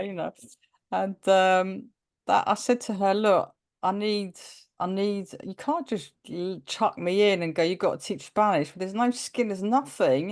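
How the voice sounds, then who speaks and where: A woman, a primary teacher of Greek descent, telling stories in a casual interview and acting out the dialogue. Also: medium pitch. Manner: animated storyteller, acts out quoted dialogue, laughs often. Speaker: guest teacher.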